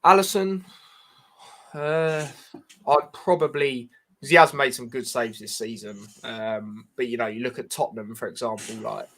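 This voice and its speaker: A man's voice: mid-range voice, moderate pace, a bit bright. A man co-hosting a casual football chat, arguing his points and pushing back. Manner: argumentative, pushes back with "come on, man". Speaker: co-host.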